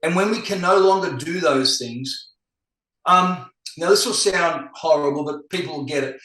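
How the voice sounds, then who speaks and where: A middle-aged man speaks candidly as a podcast guest, his voice sitting a little high for a man. He tells stories in an animated way and acts out the people he quotes. The room around him is roomy and echoey. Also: moderate pace. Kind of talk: casual podcast conversation.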